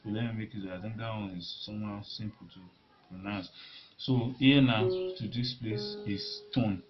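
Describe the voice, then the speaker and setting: A man teaching a beginner piano lesson, talking in a halting way and repeating words as he demonstrates at the keyboard. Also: lowish voice, fairly even intonation. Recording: lo-fi recording with loud piano. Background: piano notes being played.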